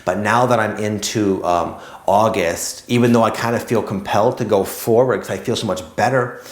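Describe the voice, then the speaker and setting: A man's voice: lowish voice, fairly even intonation, moderate pace, reverberant. A man hosting a spiritual video, talking casually and rambling, with lots of "like" and "kind of". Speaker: spiritual YouTube host. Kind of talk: casual spiritual talk to camera.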